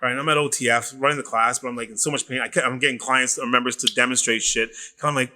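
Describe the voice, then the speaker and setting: A middle-aged male trainer chatting casually on a podcast. His voice is bright, forceful and tense, and his middle-of-the-road pitch jumps whenever he acts out the people in his stories. He swears often and talks in loose, rambling runs. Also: fast talker. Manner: animated storyteller who acts out quoted voices and swears freely. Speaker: personal trainer.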